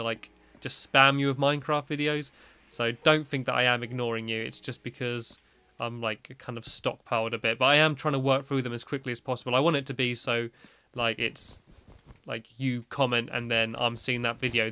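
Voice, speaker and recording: A man chats his way through a building game, rambling and dotted with fillers and little laughs. His voice sits in an ordinary middle pitch. Quiet music plays underneath. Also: clean tone. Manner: chatty and rambling, with frequent "like" fillers and small laughs. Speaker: gaming video host. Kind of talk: casual gameplay commentary.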